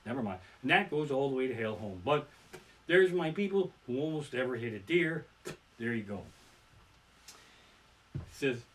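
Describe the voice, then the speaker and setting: A male stand-up comedian from Pennsylvania tells rambling, profane stories on a home live stream from his living room and often bursts into shouted punchlines. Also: medium pitch, distant mic. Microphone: simple home streaming setup.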